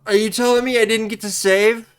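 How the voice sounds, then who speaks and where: A man streaming a horror game, giving casual commentary with excitable outbursts between laid-back remarks. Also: high-pitched, fairly quick, clear, resonant tone. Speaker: gaming streamer.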